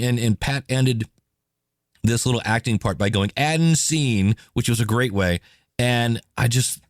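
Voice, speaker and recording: Man, podcast host, casual storytelling, medium pitch, dry close-miked sound. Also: no room sound. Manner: animated, chatty, acts out quotes.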